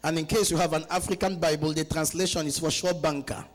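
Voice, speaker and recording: A man preaching a sermon at a church conference, urging the congregation to answer him back and reading scripture slowly and deliberately. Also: on the high side, fairly even intonation, faint music behind, rough recording. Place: church conference, captured live.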